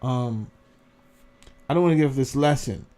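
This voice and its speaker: A man's voice: mid-range voice, normal speed, dark tone. A man hosting a casual commentary, rambling and interrupting himself as he looks things up. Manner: rambling, self-interrupting, thinking aloud. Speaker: host. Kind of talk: casual commentary while browsing clips.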